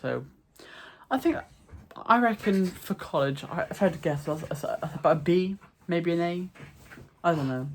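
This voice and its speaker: A man's voice: a little high, animated, moderate pace, slight background noise. A young man, chatting casually to camera from his bedroom in a rambling, self-deprecating way. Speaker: vlogger.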